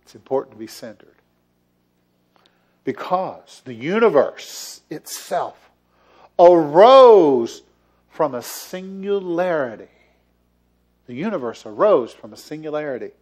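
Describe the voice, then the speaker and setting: A man's voice: fairly high pitch, sing-song, takes it slowly, long pauses, darkish tone. A man giving a sermon as the church's minister, playful and jokey, often chuckling as he talks to the congregation. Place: church sanctuary.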